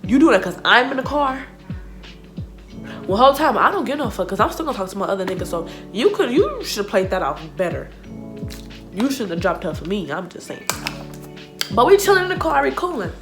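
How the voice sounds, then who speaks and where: Animated young woman telling a story. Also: fairly high pitch, fairly quick. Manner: animated, slangy, acts out quotes of others. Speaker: vlogger. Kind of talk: casual storytime. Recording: music playing behind the voice.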